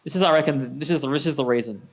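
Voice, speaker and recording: Lively pastor preaching. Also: male voice, medium pitch, very fast. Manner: energetic, conversational preaching with rhetorical questions. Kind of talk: sermon.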